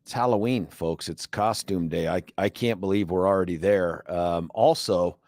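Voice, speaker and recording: A man's voice: sits low, normal speed, no echo. A man in his fifties hosting a talk radio show, telling rambling stories with lots of restarts in a studio. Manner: lively storyteller, rambling with restarts. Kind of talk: casual talk radio chat. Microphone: studio microphone.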